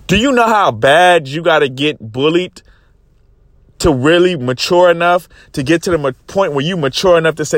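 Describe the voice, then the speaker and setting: A man's voice: a little high, animated, moderate pace, no room sound, studio quality. A young man telling a story into his phone in a fired-up, profane monologue, repeatedly addressing his viewers as "guys". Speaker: vlogger.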